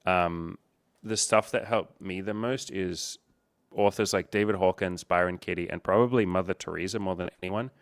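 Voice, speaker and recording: A man's voice: sits low, moderate pace. A man hosting a casual coaching Q&A, talking in a candid, profane, easygoing way. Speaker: host.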